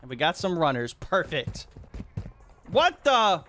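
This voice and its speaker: A man with a high, lively voice commentates a video game and keeps breaking into loud, incredulous reactions. His pitch swings widely as he talks. A faint hiss sits under the recording. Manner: excitable, quick swings to loud disbelief. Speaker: YouTube gaming host. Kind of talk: gameplay commentary.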